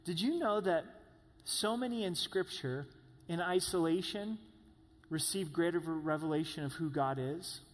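A man preaching a sermon, who rises to loud high cries when he voices pleas. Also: normal speed, in a large hall.

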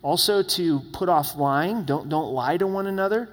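A man's voice: a little high, normal speed, in a large hall. A man preaching a sermon as pastor, conversational, with tag questions and voiced quotes. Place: church sanctuary.

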